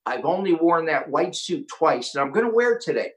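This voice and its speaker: Man telling an excited inspirational story. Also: a little high, fairly quick, poor audio. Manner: excited, storytelling, acts out quotes. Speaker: host.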